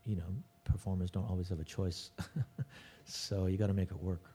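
Low husky-voiced man chatting about touring. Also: flat delivery, moderate pace, warm tone. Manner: rambling, restarts and self-corrections. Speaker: touring stand-up comedian, guest. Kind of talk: casual podcast chat.

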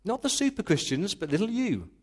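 A man's voice: high-pitched, sing-song, brisk, a little mellow. A male pastor preaching a sermon in an earnest, emphatic way, often restarting words.

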